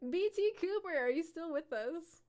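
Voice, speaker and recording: A woman's voice: extremely high pitch, lively intonation, moderate pace, darkish tone. A woman hosting a live stream, reading viewers' character stories aloud and chatting with them, laughing often. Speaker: live-stream storyteller host.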